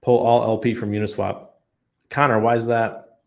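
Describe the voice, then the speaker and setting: Gravelly casual man answering live chat. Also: lowish voice, little pitch movement, normal speed. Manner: chatty, reads comments aloud and answers off the cuff. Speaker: crypto livestream host. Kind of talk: casual live chat, reading viewer comments. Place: home in Panama.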